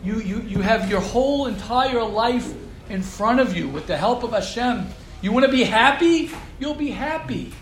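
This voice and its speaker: A man's voice: extremely high pitch, animated, moderate pace, roomy sound, slight background noise, poor audio. A man giving an informal morning sermon to a small group of young men, repeating his points and asking them questions. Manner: repetitive, emphatic, coaxing questions to listeners. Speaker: rabbi giving a morning class. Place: room with a small live group.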